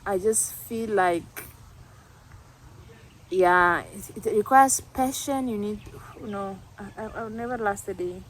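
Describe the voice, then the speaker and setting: A woman's voice: mid-range voice, animated, a little slow. A young woman from Namibia talking casually in a vlog, earnest and reflective, often laughing at herself. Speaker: YouTuber.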